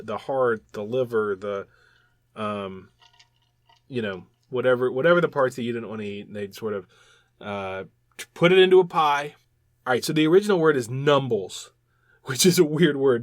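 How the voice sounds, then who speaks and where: An adult man chatting as a podcast co-host, lively and rambling as he explains things, circling back and repeating words. His voice sits at an ordinary middle pitch. It is recorded close and dry, with no room sound. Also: moderate pace, no room sound. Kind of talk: casual chat.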